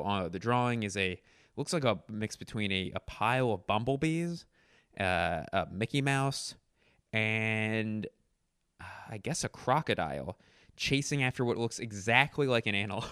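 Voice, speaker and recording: A man's voice: on the low side, a bit bright, clean tone, no echo, studio quality. A young man reading aloud his childhood animal stories and joking about his old drawings in a rambling, self-mocking way. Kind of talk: casual commentary.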